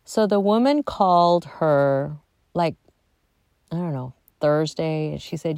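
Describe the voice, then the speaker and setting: Middle-aged woman, low gravelly voice, casual storytelling, animated quotes and hushed asides, dry close sound. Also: slow, no echo. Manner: chatty, animated retelling with acted-out quotes and soft asides.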